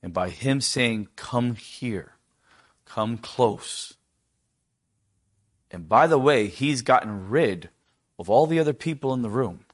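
Man preaching with hushed drops. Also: medium pitch, animated, normal speed. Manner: dynamic, drops to a near hush for quoted tender lines; asks the congregation rhetorical questions. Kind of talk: sermon.

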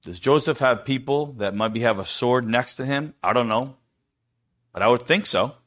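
A middle-aged man preaching a sermon, asking the congregation rhetorical questions and dropping to a near hush for tender quoted lines. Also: medium pitch, moderate pace.

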